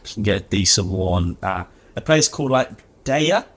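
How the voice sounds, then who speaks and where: A man talking casually as a podcast guest, telling stories in a chatty, self-deprecating way with a husky voice. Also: fairly low pitch, lively intonation, moderate pace. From England. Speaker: guest, coffee reviewer.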